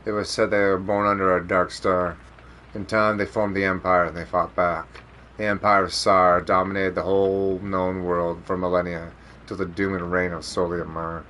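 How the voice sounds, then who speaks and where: A solemn lore narrator for a fantasy game, put on by a man reading the text aloud. The voice drops well below his usual register. It rolls out ancient history in slow, weighty phrases. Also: sits low, flat delivery, sharp tone, slight background noise, pitched below the performer's own voice.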